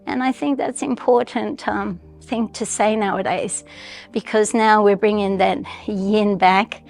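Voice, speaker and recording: A woman's voice: mid-range voice, steady tone, soft background music. A woman in her sixties from Colombia, with a Colombian Spanish accent touched by a slight American twang, telling her life story in a reflective, heartfelt way. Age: 60s. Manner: reflective, heartfelt, with thoughtful pauses and restarts. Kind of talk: personal storytelling.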